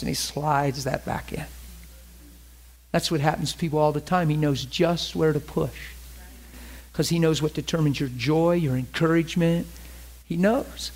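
A middle-aged man preaching a sermon in a conversational way, acting out quotes from his own story. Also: on the high side.

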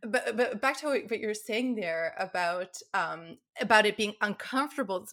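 A woman hosting an interview, asking thoughtful questions with hesitant pauses. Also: mid-range voice, animated, bright, forceful tone. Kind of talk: conversational interview.

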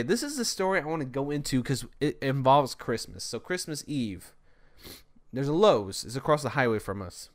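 A young man hosting a podcast, telling a long story in a rambling, breathless way, tired after a hard day. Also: medium pitch. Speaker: podcast host. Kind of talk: casual solo storytelling.

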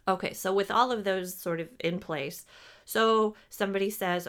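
A woman channeling spiritual teaching, speaking as a collective "we" in a measured, explanatory way. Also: mid-range voice, fairly bright tone.

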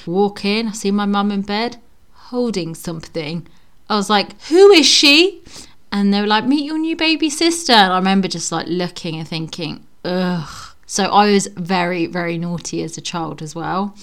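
A woman's voice: lowish voice, normal speed. A woman in her late twenties co-hosting a podcast, chatting casually and telling childhood stories with lots of laughter. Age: late 20s. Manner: giggly, animated storyteller. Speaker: podcast co-host. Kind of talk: casual chat.

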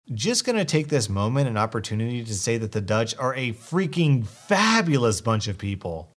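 A man narrating online stories aloud in a scripted, expressive way. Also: mid-range voice.

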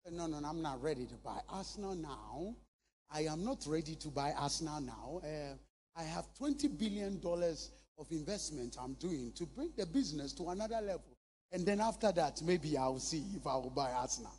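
A preacher voicing a calm, wealthy businessman who speaks in a low, measured way. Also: lightly acted. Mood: calm, matter-of-fact.

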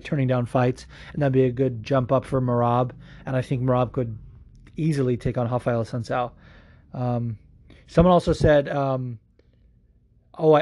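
A man's voice: mid-range voice, darkish tone. A man hosting a solo podcast, chatting casually, rambling and swearing a lot, laughing often. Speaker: podcast host.

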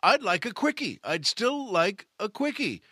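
Man doing blunt road-traveler customer, insistent, slightly higher voice, dry sound. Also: sing-song, measured pace, bright, forceful tone, dry recording, full character voice. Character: brash traveling man at a diner.

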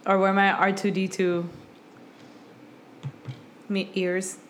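A woman's voice: medium pitch, little pitch movement, slow, a little hiss or hum. Woman in her 30s cohosting a podcast, blunt, jokey, swears casually. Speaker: podcast co-host. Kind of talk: casual chat.

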